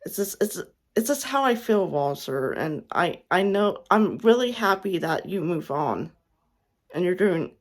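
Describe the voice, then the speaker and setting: Tearful young woman, halting farewell. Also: lowish voice, animated. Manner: halting, tearful, many restarts and sighs. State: close to tears. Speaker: fan vlogger. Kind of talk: emotional farewell message to camera.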